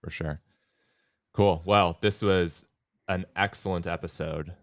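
A man co-hosting a podcast in a studio, relaxed and joking in casual chat. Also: sits low, measured pace, dry recording. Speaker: podcast co-host.

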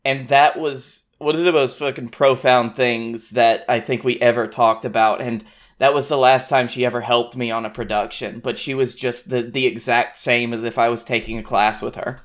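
A man's voice: medium pitch, steady tone, normal speed. A man in his twenties co-hosting a casual podcast, speaking reflectively and rambling a little as he remembers. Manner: reflective, rambling with many fillers and restarts. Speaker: podcast co-host. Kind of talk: casual chat.

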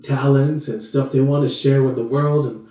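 A man's voice: mid-range voice, steady tone, normal speed, warm tone. A man co-hosting a casual podcast, chatting in an easygoing way. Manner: easygoing, with brief agreeing replies. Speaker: podcast co-host. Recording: very echoey, distant room sound.

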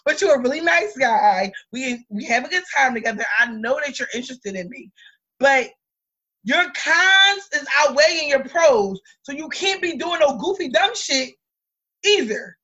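Animated high-voiced woman telling a story. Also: normal speed, poor audio. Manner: animated, blunt storytelling with swearing. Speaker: podcast co-host. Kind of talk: casual chat.

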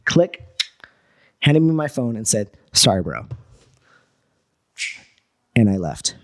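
A man's voice: fairly low pitch, takes it slowly. A man, a guest entrepreneur, telling a story in casual talk, swearing and acting out what people said. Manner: animated, swearing, acts out quoted dialogue.

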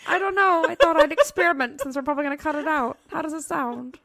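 A woman putting on a silly old cartoon grandma voice during a podcast, speaking haltingly and playfully. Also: high-pitched, fairly bright tone, voice pushed up. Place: room at home with open windows.

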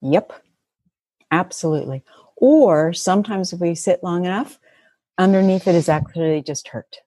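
A woman's voice: lowish voice, normal speed, warm tone, no echo, studio quality. A woman guest on a casual podcast, telling stories animatedly, laughing often and acting out her own thoughts. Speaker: guest coach.

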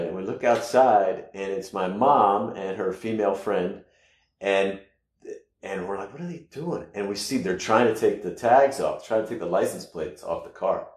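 A man from the United States recounts a personal story in a casual, rambling way, his slightly low voice stumbling over restarts before jumping into loud, animated bursts. The room around him is echoey.

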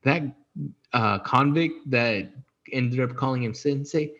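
A man's voice: medium pitch, slow pace, fairly bright tone, highs cut off. A man co-hosting a casual podcast chat, rambling and correcting himself as he goes. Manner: rambling, self-correcting, apologetic. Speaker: podcast co-host.

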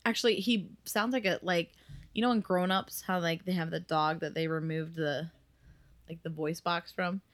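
Co-hosting a podcast, a woman chats casually at a moderate pace in a fairly low, steady voice. She giggles a lot, talks plenty, and fills her speech with "like."

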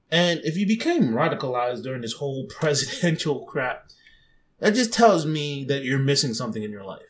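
A man speaks to his viewers in a blunt, casual rant, chuckling often between his points. His voice sits a little on the high side for a man. It rises and falls widely with animated energy. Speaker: vlogger. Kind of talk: casual opinion rant to camera.

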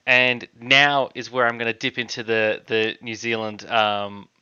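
A man's voice: mid-range voice, little pitch movement, measured pace, sharp tone, clean tone, no echo. An Australian man co-hosting a casual rugby podcast chat, earnest and prone to stumbling and repeating words. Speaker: podcast co-host. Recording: dry, slightly dull mic.

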